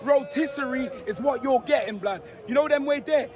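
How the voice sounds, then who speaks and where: A man with a hoarse, nearly lost voice, loudly roasting rival football fans in street slang. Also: very high-pitched, moderate pace, over music. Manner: loud, shouty, slang-heavy roasting. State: hoarse, voice almost gone.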